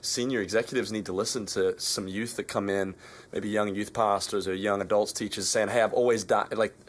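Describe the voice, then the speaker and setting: A man's voice: fairly low pitch, steady tone, brisk. An Australian man, a musician guest, speaking earnestly and repeating his points in a casual interview. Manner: earnest, fervent, repeats phrases.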